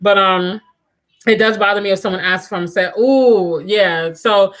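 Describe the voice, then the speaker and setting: A young adult woman hosting a casual livestream chat, animated and laughing often as she talks straight to her viewers. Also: mid-range voice, normal speed. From Washington, DC area. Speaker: livestream host.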